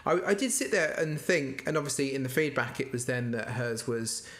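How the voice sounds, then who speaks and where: A man's voice: medium pitch, fairly quick. A man guesting on a podcast, chatting casually and telling jokey stories with frequent laughs. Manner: laughing, lively and jokey storytelling. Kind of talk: casual chat recapping a baking show.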